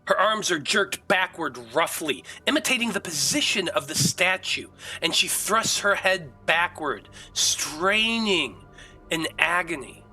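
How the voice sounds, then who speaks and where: A man's voice: sits high, expressive, unhurried, bright, forceful tone, faint music behind, rough recording. A man narrating a tabletop game as game master, describing scenes vividly.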